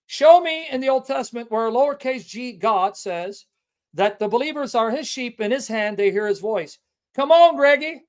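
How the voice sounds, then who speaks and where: A man hosting a Christian apologetics livestream, combative and taunting, calling out an opponent and stressing phrases slowly. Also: very high voice. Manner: emphatic, with drawn-out stressed phrases.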